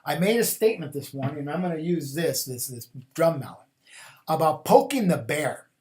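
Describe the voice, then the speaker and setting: A man's voice: fairly high pitch, animated, moderate pace, a little mellow. A man hosting a spiritual call-in show, talking loosely with fillers and repeated, chant-like questions. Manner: rambling, with fillers and repeated phrases; rhythmic, incantatory questions. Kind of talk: casual spoken monologue.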